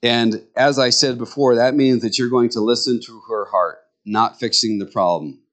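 A man's voice: steady tone, moderate pace, fairly bright tone. Folksy middle-aged male preacher. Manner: conversational, folksy, rambling asides; jumps to high pitch when acting out others' words. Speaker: pastor. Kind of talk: sermon.

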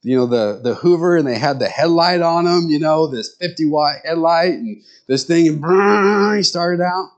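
A middle-aged male pastor giving a conversational sermon, telling stories with animated quoted voices. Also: fairly high pitch, moderate pace, hardly any pauses.

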